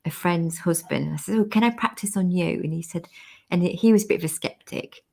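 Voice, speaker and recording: Woman hosting an interview over a video call, lowish voice, rambly chatty storyteller. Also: fairly quick, gravelly, darkish tone. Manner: chatty storyteller, laughs, acts out quoted people. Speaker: interview host. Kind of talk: casual interview chat, anecdotes.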